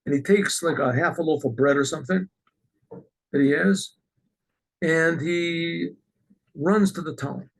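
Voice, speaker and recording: Rabbi guy telling a story, gravelly and husky, keeps clearing his throat. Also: a little high, measured pace, long pauses, poor audio.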